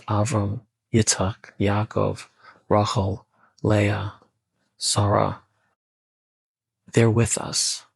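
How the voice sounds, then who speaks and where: A man telling a story in a casual, conversational way with asides, his voice gravelly and husky. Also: fairly low pitch, no room sound. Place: bungalow colony.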